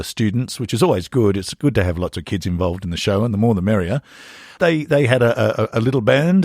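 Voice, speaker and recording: A man's voice: mid-range voice, a little mellow, no room sound, clean studio sound. An older man, hosting and chatting casually about his musical in a rambling, jokey way. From born in England, raised in Australia. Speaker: podcast host and composer. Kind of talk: casual spoken commentary.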